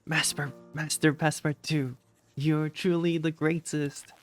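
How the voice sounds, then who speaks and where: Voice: mid-range voice, flat delivery, measured pace, soft background music, close to an everyday voice. A streamer reading out a proud museum curator. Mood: admiring. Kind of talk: reading game dialogue aloud.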